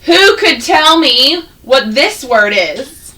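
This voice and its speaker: A woman teaching first graders an online phonics lesson, patient and encouraging, sounding words out slowly. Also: sits high, big pitch swings, bright, forceful tone, far from the mic, poor audio.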